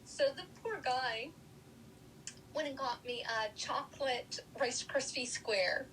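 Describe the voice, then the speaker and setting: A woman guest on a podcast interview, retelling personal experiences in a lively, animated way. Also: high voice, takes it slowly, a little hiss or hum, rough recording.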